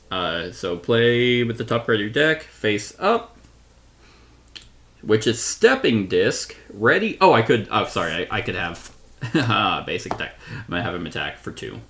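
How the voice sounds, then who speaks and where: A man with a lowish voice talks through a solo tabletop card game. He takes it slowly, reading card rules out loud, weighing his options and stopping to correct himself in a casual way. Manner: thinks aloud, reads card text, self-correcting. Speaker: board game reviewer.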